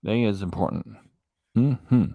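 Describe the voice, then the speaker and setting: A man's voice: lowish voice, measured pace, mellow, dry recording. A man hosting a reaction channel, giving rambling, mocking casual commentary on a clip. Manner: mocking, rambling, loses his train of thought.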